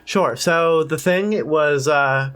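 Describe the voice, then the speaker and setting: A man co-hosting a podcast in casual chat, easygoing and quick to agree, sometimes reading text aloud. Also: a little high. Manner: easygoing, quick to agree, reads announcements flatly. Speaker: podcast co-host.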